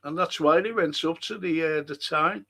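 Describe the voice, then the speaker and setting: Liverpool man, casual live-stream host, gravelly voice, fairly high pitch, chatting through comments. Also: normal speed, bright, forceful tone. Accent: Liverpool (Scouse). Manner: chatty, reads viewer comments aloud and answers them.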